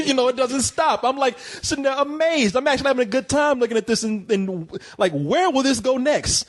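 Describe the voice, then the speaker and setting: A man's voice: sits high, a little fast. A man reviewing a film in casual chat, laughing often and stumbling over false starts. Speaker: movie reviewer.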